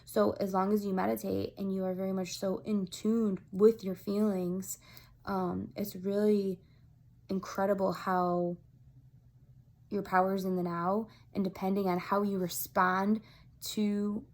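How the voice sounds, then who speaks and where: A woman talking straight to her viewers in a chatty, upbeat vlog. Her speech is earnest and animated, with plenty of "like" and "um" fillers. Her voice sits at a middle pitch. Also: gravelly. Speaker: vlogger. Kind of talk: casual talk to camera.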